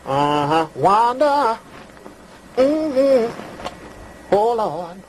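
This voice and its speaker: Casting: high-pitched male call-in host, preachy rants, flirty croon, faint hiss. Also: very animated, drawn-out words, low-quality recording. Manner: preachy, rambling, hollering rants. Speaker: call-in show host giving readings. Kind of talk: call-in show talk.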